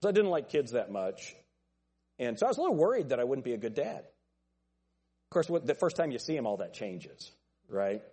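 A middle-aged male pastor gives a folksy sermon in a church, cracking jokes with the people in the pews. His voice is husky and mellow, and his pitch swings up and down a lot as he talks. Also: sing-song, moderate pace, long pauses. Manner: folksy, joking with the congregation. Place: church sanctuary.

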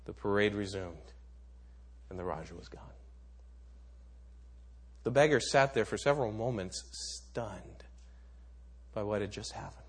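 A man's voice: lowish voice, a little slow, pauses often, breathy edge. A man preaching a sermon, telling a story dramatically with some stammered restarts.

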